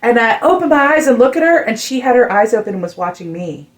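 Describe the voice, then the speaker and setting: Animated woman telling a music story. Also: on the high side, quick pace. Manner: animated storytelling, acts out quotes. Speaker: podcast co-host and musician. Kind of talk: casual chat.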